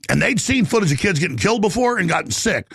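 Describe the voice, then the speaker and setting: A man with a strongly gravelly, raspy voice pitched a bit high, ranting through a talk radio monologue. He rambles and jumps from topic to topic with heat. The sound is close and dry, with no room echo. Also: very animated, quick pace, fairly bright tone. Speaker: talk show host.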